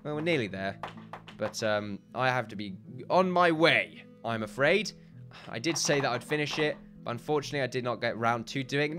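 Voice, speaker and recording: A man's voice: medium pitch, normal speed, a bit bright. An upbeat man talks through his castle-building game in a casual let's-play style. He is chatty and laughs at his own slips. Faint background music runs beneath his voice. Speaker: gaming YouTuber.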